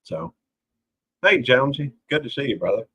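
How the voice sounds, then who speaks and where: A man's voice: mid-range voice, lively intonation, moderate pace, vocal fry, pushed and bright, husky, poor audio. A man hosting a casual late-night livestream, rambling in a folksy way and greeting viewers by name. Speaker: livestream host.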